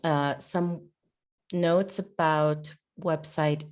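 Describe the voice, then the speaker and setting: A woman's voice: deep voice, steady tone, very slow, darkish tone. A woman hosting an online talk on a video call, introducing the speaker and stumbling over her words at times.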